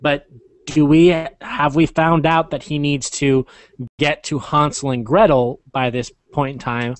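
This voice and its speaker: A man's voice: on the high side, steady tone, unhurried, no room sound. A man co-writing a story on a podcast, casually brainstorming, laughing often and starting over a lot. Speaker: co-writer on a podcast. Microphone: video call.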